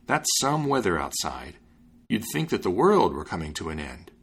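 A man voicing a nervous miller's wife in a fairy-tale reading, talking fast to cover up her secret. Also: low-pitched, sing-song, fairly bright tone, slightly rough, heavily acted.

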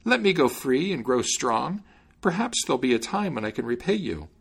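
A man's voice: mid-range voice, very animated, moderate pace, vocal fry, husky, voice pushed up, heavily acted. A man voicing a young male foal who pleads earnestly for his freedom. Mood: pleading.

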